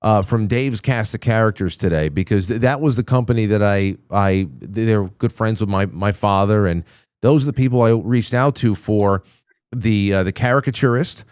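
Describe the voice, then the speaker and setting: A man's voice: on the low side, moderate pace, a little mellow, clear, resonant tone, no echo, studio quality. A man hosting a talk show in casual on-air chat, rambling with lots of restarts and stammers.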